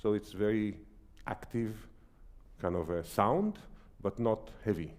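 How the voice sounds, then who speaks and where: A man's voice: on the low side, slow. A man teaching a piano masterclass, singing rhythms with syllables as he coaches. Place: recital salon.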